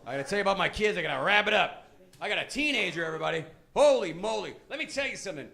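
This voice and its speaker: Animated, high-pitched middle-aged comedian. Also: male voice, rapid-fire, vocal fry. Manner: animated, emphatic, repeats "listen" to hold the crowd. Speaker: stand-up comedian. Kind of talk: stand-up comedy set. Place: comedy club stage. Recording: live club with crowd laughter. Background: audience laughing and reacting.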